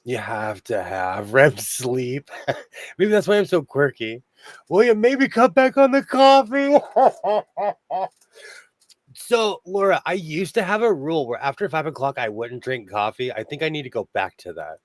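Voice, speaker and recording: A man's voice: medium pitch, expressive, a little slow, no room sound. Chatty Minnesotan-sounding man, dry sound. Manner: chatty storyteller who laughs often. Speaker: sewing channel host. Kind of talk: casual livestream chat. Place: home sewing room.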